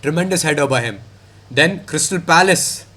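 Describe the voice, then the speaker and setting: A man's voice: on the high side, animated, normal speed, pushed and bright. A young man ranting in a heated, mocking, slangy way as he reacts to football.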